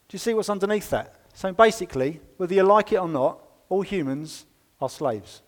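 A man preaching a sermon in a church, reading scripture and explaining it in a wry, conversational way, with sudden loud stresses and quiet asides. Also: sits high, moderate pace, long pauses. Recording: long reverb of a church hall.

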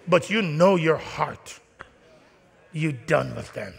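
A man preaching a sermon in a church, animated and playful, acting out little scenes. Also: high-pitched, a little slow, creaky. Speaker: pastor. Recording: long reverb of a church hall.

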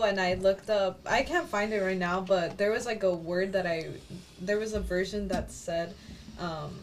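A woman's voice: medium pitch, slight background noise. A woman in a group Bible study sharing her thoughts hesitantly, with many fillers. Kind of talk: casual group discussion.

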